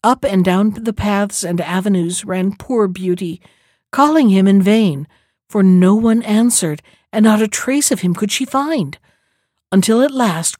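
A woman's voice: fairly high pitch, a little mellow, dry recording. Woman reading a fairy tale, dry and close. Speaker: storyteller.

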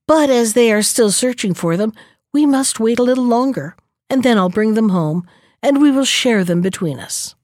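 A woman voicing a sly, scheming male jackal in a storybook, smooth and evasive. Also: on the high side, expressive, normal speed, darkish tone, no room sound, clean studio sound, natural voice.

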